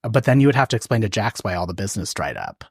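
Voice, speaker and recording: A podcast host muses aloud in easy conversation, restarting phrases and breaking into laughs. The voice sits at a middle pitch in a dry, close recording. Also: lively intonation, racing, a little mellow, breathy edge, no echo. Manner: hesitant, laughs often. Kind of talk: casual chat.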